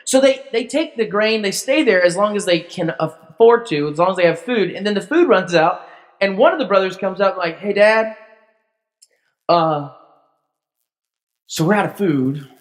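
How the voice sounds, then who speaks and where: A man's voice: sits high, expressive, fairly quick. A man preaching as a pastor, telling the story informally, with jokes, and acting out the characters. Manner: informal, joking, acts out characters. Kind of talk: conversational sermon storytelling. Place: church hall. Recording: long church-hall reverb.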